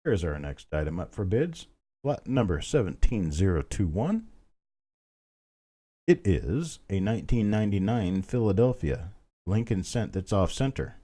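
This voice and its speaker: A man's voice: sits low, big pitch swings, a little slow, mellow, breathy edge. A man hosting a live online coin auction, chatting casually, calling out bids and greeting bidders by name. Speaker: auction host.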